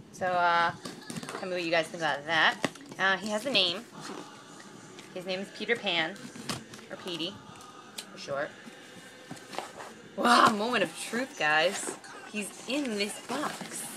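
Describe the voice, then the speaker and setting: A woman unboxing a model horse in a vlog, gushing and squealing with excitement. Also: mid-range voice. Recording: noisy home camera audio.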